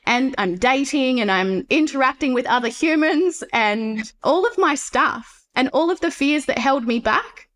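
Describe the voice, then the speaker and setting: A woman's voice: high-pitched, lively intonation, a little slow, hardly any pauses, a bit bright. A woman guest on a podcast, speaking earnestly and reflectively about her life in casual conversation. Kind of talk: casual interview chat.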